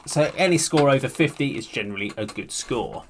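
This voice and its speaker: A man's voice: mid-range voice, expressive, a little fast, slight background noise. A man hosting a music reaction video, chatty and rambling with lots of filler. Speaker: reaction channel host. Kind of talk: casual reaction vlog.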